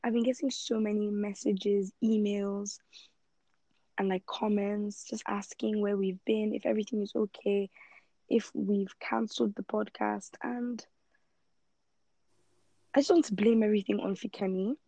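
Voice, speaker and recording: A young woman co-hosts a podcast from her room in casual, playful chat. She talks quickly and jokes easily. The sound is close and dry, with no room echo. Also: medium pitch, flat delivery, mellow. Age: young adult. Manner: chatty, playful and quick-talking. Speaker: podcast co-host.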